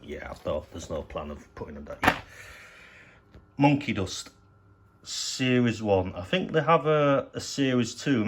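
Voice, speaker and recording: A man casually showing his DVD collection at home, rambling and hesitant with frequent restarts and casual swearing. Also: sits low. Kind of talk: casual unscripted show-and-tell.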